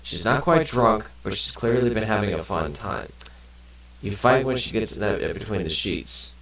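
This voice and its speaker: A man's voice: fairly low pitch, animated, moderate pace, creaky, fairly bright tone, roomy sound, recorded from a distance, low-quality recording. A man casually commenting on a game and reading its text aloud, rambling and swearing now and then. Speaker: let's play gamer.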